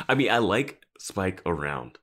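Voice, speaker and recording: Very deep-voiced man with lively intonation. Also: slow pace. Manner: laid-back, chuckling asides, trailing sentences. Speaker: podcast co-host. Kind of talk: casual TV episode discussion.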